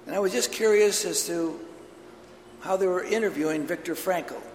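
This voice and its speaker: A man's voice: sits high, moderate pace, darkish tone, slight background noise. A man preaching a homily, earnest and telling stories, in a large church. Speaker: priest. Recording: echoey church hall with long reverb.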